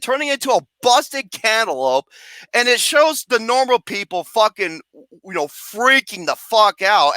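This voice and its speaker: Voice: medium pitch, bright, forceful tone, no echo. A movie reviewer ranting about a film in a comedic, profane way, mocking and sarcastic, swearing constantly and breaking into laughter.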